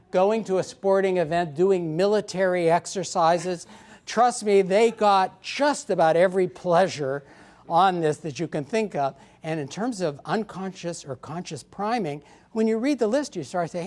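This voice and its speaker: Middle-aged doctor guy lecturing, tells stories, acts out patients, voice bounces up and down a lot. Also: sits high. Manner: storytelling, acts out quoted patients and people. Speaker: physician lecturer. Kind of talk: conference lecture with anecdotes.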